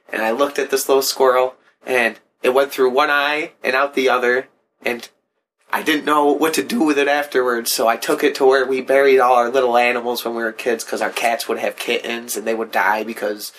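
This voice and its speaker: A young man co-hosting a casual podcast, his voice at an ordinary middle pitch. He rambles through jokey stories with loose restarts. A faint hiss of noise sits behind him. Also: fairly even intonation, normal speed, a bit bright. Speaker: podcast co-host. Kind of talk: casual chat.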